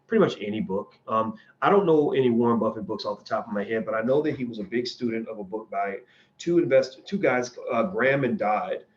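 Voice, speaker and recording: A man's voice: fairly low pitch, lively intonation, brisk. Blunt, rambling man on dull lo-fi audio. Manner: rambling and conversational, with frequent restarts; blunt and opinionated. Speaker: livestream host answering viewer questions. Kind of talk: casual livestream Q&A.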